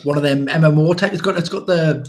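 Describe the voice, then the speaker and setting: A fast-talking Englishman with a slightly high voice hosts a casual live chat show as a podcast host. He rambles and cracks jokes, restarting his sentences again and again.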